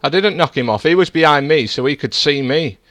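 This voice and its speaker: A man's voice: on the high side, expressive, brisk, a bit bright, no echo. A man streaming a sim race, arguing defensively and lecturing rivals over voice chat. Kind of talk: heated in-game voice chat argument.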